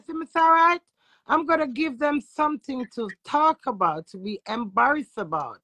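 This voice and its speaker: Woman, Jamaican accent, influencer, patois, loud, profane, boastful, high-ish voice, dry sound. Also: no room sound. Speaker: social media influencer. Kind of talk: brash casual talk in patois.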